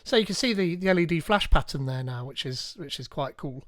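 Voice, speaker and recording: A man hosting a live tech tutorial, reading instructions aloud and thinking out loud as he goes. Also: on the high side, animated, fairly quick, no echo. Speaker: tech streamer.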